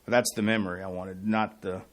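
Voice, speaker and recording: This middle-aged man co-hosts a casual radio talk show, and his stories run long and wander, turning animated when he's excited. His voice sits low, and he speaks fairly quickly.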